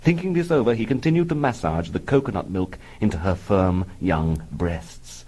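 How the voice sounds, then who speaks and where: A man reading a comic memoir aloud in a dry, deadpan manner. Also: lowish voice, normal speed, poor audio. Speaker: comic narrator.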